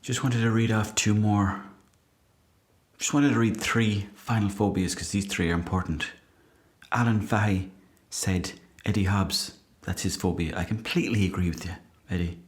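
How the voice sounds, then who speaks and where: An Irish man hosting a podcast, delivering a deadpan, profane comic monologue as he reads out listener messages and mocks them with put-on indignation. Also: fairly low pitch, moderate pace. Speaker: podcast host.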